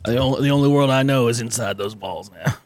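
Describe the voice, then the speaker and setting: A man's voice: medium pitch, fast talker, darkish tone, dry recording. A man co-hosting a podcast in crude, casual chat, swearing often and breaking into laughter. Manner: swearing, laughing, acting out silly voices. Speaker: podcast co-host.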